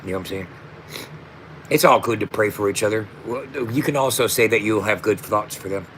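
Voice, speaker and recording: A man's voice: lowish voice, fairly quick, fairly bright tone, slight background noise. A man in his fifties, a rapper and founder, speaking straight to camera in a heartfelt, emphatic monologue full of slang and repeated asides. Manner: emphatic, repetitive, street slang, emotional.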